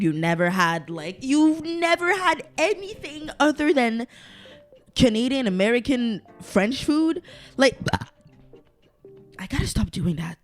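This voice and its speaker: A young adult woman hosting her own podcast, ranting casually with lots of swearing and side tangents. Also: medium pitch. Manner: swears a lot, ranty and digressive; exasperated, exaggerated complaining. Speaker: podcast host. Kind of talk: casual solo podcast rant.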